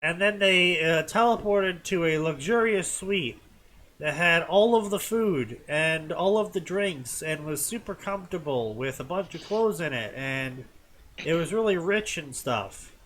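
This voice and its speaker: A man co-hosting a comedy show, giving a deadpan, dismissive reading of fanfiction with commentary. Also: on the high side, a little slow. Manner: deadpan, dismissive, with many "blah, blah".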